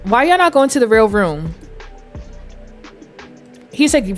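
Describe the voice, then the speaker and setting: Giggly gal in her 20s live streaming a game, higher voice, faint music behind. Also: sing-song, slow pace. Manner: chatty, giggly, talks to the viewers and narrates the characters. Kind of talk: live gameplay commentary. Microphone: desk mic.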